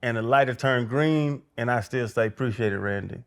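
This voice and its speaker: A man hosting a podcast, speaking in a quiet, reflective way. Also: medium pitch, moderate pace. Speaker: podcast host. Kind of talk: candid podcast conversation.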